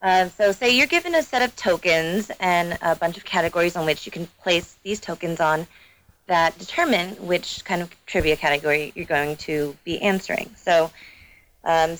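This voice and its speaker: A woman guest chatting casually on a podcast, upbeat and quick to laugh. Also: fairly low pitch, fairly bright tone, slight background noise, poor audio. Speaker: guest game producer.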